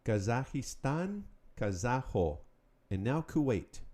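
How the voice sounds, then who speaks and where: A man hosting a Spanish lesson podcast, calling out words, pausing, then giving the answers in an upbeat, patient way. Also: fairly low pitch, expressive, mellow. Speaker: Spanish teacher. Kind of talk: podcast language drill.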